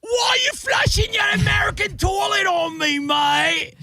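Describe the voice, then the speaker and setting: A man putting on an exaggerated British-Australian accent as a brash, loud, boastful bloke, shouting over-the-top for laughs on a radio show. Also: extremely high pitch, a little slow, creaky, pitched above the performer's own voice, full character voice. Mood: mocking. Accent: put-on British-Australian. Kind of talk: comedic impression on radio.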